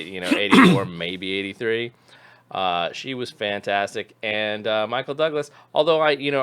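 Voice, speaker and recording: A man's voice: lowish voice, a bit bright, clear, resonant tone. A middle-aged man co-hosting a live stream, chatting casually about old movies in a rambling, chuckling way. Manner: rambling, chuckling, self-correcting. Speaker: podcast co-host.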